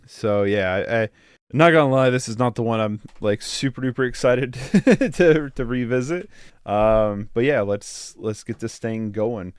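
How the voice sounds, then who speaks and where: A man's voice: mid-range voice, measured pace, clear, resonant tone, dry recording. A young man hosting a casual movie watch-along, chatting wryly, laughing often and trailing off mid-sentence. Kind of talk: casual live reaction commentary. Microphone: headphones with desk mic.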